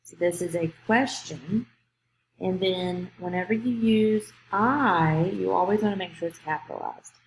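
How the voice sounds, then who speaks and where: A woman's voice: lowish voice, unhurried, slight background noise. Patient woman teaching grammar. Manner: patient, explains step by step, checks in with "okay?". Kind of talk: grammar lesson for young students. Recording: echoey room.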